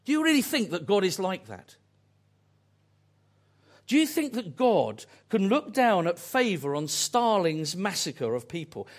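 A man's voice: high-pitched, big pitch swings, unhurried. A man preaching a sermon, earnest and fond of repeated phrases and pointed questions.

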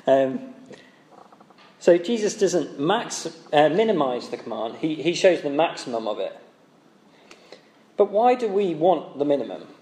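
A man's voice: on the high side, very animated, unhurried, pauses often, warm tone, echoey room. A man preaching a sermon in a conversational way, often asking the listeners rhetorical tag questions.

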